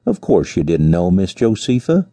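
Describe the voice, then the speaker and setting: A man voicing a smooth-talking young cowboy who spins a tale in a folksy, mock-mournful way. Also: on the low side, very animated, moderate pace, dark tone, no room sound, voice pushed up, exaggerated voice. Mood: mournful, glib.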